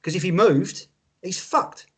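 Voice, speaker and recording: A man co-hosting a casual podcast chat, animated and sweary, telling stories with quoted voices. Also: sits high, a little slow, breathy edge. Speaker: podcast co-host.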